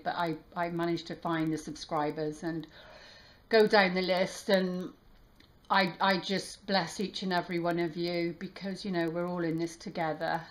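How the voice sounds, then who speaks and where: A woman tarot reader talking warmly to her viewers, halting and emotional, with many restarts. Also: on the low side. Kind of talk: casual heartfelt channel talk.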